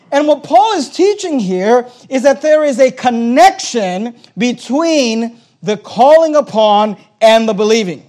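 Man, very high voice, preaching a sermon, emphatic, repeats for stress. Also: expressive, measured pace, a little mellow. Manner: emphatic, repetitive preaching with rising intensity. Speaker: pastor.

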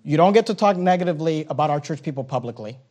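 Male pastor, high-pitched, lively sermon delivery, acts out dialogue, blunt with a joking edge. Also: racing. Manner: animated preaching with acted-out dialogue and rising emphasis.

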